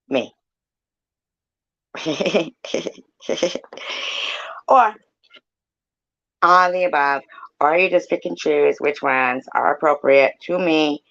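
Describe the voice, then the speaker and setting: A man hosts an unscripted live chat room, talking in a rambling, blunt way and cursing freely. His voice is gravelly and his delivery drawn out and slow. The audio is muffled and lo-fi, like a stream captured on modest gear. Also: fairly high pitch, fairly bright tone.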